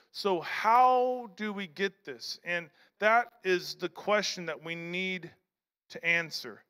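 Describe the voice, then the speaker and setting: A man's voice: sits high, bright, forceful tone, smooth, in a large hall. A man preaching a sermon as pastor in a church, talking in a conversational way with repeated phrases and restarts. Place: church sanctuary.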